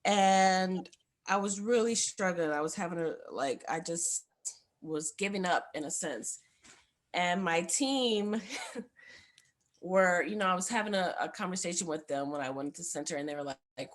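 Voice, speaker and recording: A woman's voice: fairly low pitch, unhurried. A young woman, a guest on the show, giving a heartfelt personal testimony in a rambling way, full of fillers.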